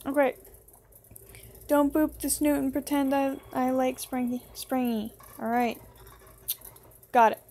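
High-voiced, slow-talking woman gamer. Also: little pitch movement, mellow. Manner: playful, talks to the game character. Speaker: gaming channel host. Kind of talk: horror game commentary.

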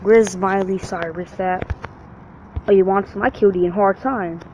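A man's voice: high-pitched, steady tone, moderate pace, a little mellow. A man giving brash, trash-talking gameplay commentary full of swearing. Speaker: gamer. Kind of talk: profane let's-play commentary. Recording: dull lo-fi recording with faint hiss.

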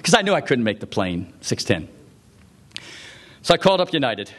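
A middle-aged male preacher telling a story in a sermon, animated and full of acted-out quotes. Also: mid-range voice, moderate pace.

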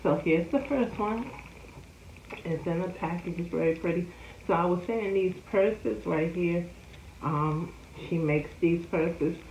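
Slow, low-voiced woman chatting. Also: darkish tone, slight background noise. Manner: chatty, many fillers and small laughs. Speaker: doll hobby vlogger. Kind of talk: casual vlog chat. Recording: slightly dull, roomy home recording.

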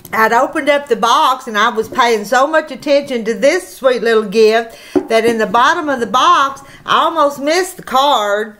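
A woman's voice: a little high, a bit bright, slight background noise. Chatty Southern country woman. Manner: chatty, folksy, talks straight to viewers. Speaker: channel host. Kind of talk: casual mail-opening vlog.

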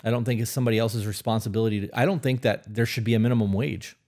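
A man's voice: medium pitch, fairly even intonation, racing, a little mellow. A man co-hosting a podcast, talking bluntly and opinionated, with frequent swearing. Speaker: podcast co-host. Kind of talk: casual opinionated chat.

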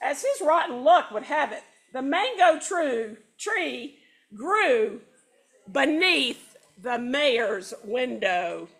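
Brief: high-voiced woman reading a picture book aloud to a congregation, unhurried. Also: creaky. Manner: animated, sing-song storytelling with a few slips. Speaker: storyteller reading a children's book in worship. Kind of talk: expressive children's story read-aloud.

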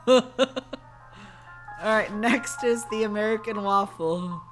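A woman's voice: mid-range voice, slow, pauses often, faint music behind. A woman streamer chatting casually and joking with her audience while playing a game. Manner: joking, banters with chat and cohost. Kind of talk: casual gameplay chat.

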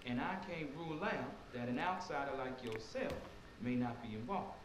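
An actor voicing a suspicious, condescending police deputy in a horror game. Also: male voice, mid-range voice, lively intonation, normal speed, natural voice. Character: suspicious, smug small-town deputy. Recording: echoey, distant, noisy game audio.

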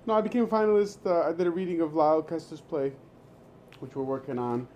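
A male actor telling a casual story on a video call, animated and loose, swearing freely and acting out what he said. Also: fairly high pitch, fast, a little hiss or hum. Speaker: actor, guest.

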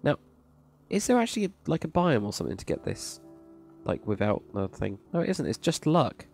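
This man's mid-range voice swings widely in pitch at a moderate pace, with a darkish tone and some vocal fry. Reviewing Minecraft server plots, he walks through a build in casual, rambling commentary, full of enthusiasm and generous praise, over faint background music.

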